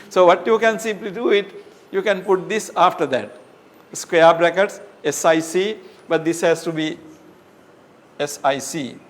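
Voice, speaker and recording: Male professor, slightly raised pitch, patient step-by-step lecturing with frequent fillers. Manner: explains step by step with many fillers and rhetorical questions. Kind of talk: academic lecture.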